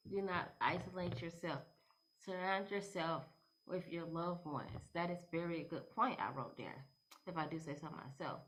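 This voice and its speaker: A woman's voice: on the low side, normal speed. A young woman, giving advice to camera in a rambling, casual vlog style full of "you know" fillers. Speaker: vlogger.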